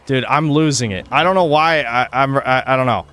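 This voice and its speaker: A man's voice: mid-range voice, normal speed, a bit bright. A young man streaming a video game, talking to himself, swearing and getting frustrated with the controls. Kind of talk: live gameplay commentary.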